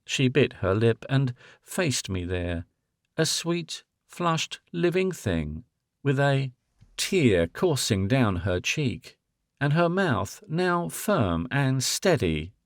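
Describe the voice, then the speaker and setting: A man narrating an audiobook in a measured literary reading. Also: medium pitch, very animated, no echo, studio quality. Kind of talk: scripted narration.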